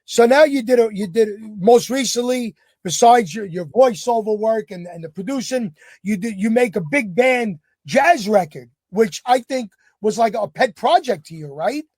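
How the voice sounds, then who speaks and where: A male podcast host with a high yet warm, dark-toned voice asks questions admiringly. He hesitates often and fills pauses. The sound is dry, with no room echo. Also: animated, husky. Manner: admiring, hesitant with many fillers. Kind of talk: casual interview.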